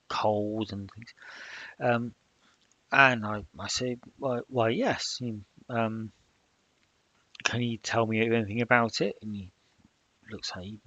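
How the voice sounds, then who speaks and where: A man narrating his solo tabletop game, in a halting manner with many fillers. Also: mid-range voice, a bit bright, no room sound, lo-fi sound. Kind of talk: solo role-play narration.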